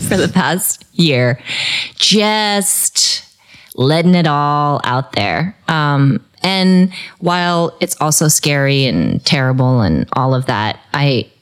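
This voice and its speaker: A young adult woman chatting as a podcast guest, emotional and rambling, laughing often. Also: sits low. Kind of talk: casual chat.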